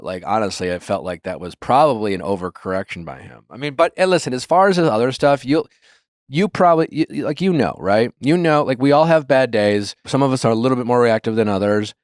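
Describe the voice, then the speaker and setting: A man hosting a podcast, chatting casually and giving advice to a caller, with lots of fillers and quiet trailing asides. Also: medium pitch, animated, a little fast, no echo, studio quality. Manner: conversational, hedging with fillers, trails off quietly when quoting.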